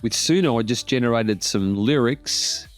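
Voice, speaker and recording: Smooth-voiced man explaining tech casually. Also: mid-range voice, normal speed, faint music behind. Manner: plain-spoken, relaxed, lightly joking. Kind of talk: casual tutorial narration.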